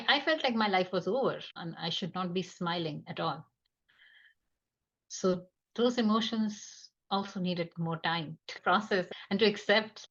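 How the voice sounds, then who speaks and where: A woman with a low voice talks as a podcast guest. She speaks in a reflective, candid way and pauses often. The recording sounds dull and lo-fi. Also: fairly bright tone. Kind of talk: candid personal conversation.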